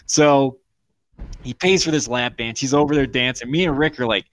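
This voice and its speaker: A man's voice: medium pitch, normal speed. A man co-hosting a podcast, telling a crude, profanity-laced road-trip story with frequent laughs. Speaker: podcast co-host. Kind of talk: casual storytelling chat.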